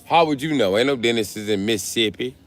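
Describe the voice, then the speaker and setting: A man's voice: medium pitch, animated, a little fast, faint music behind. A man chatting casually on a livestream, reading comments and trading crude, joking banter with his viewers. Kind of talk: casual live stream chat. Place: South Carolina.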